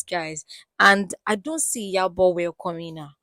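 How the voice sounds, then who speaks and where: A young Nigerian woman with a Nigerian accent, recapping a reality show in casual, gossipy commentary and putting on the cast's voices in quick asides. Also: on the low side, steady tone, bright, forceful tone, no echo.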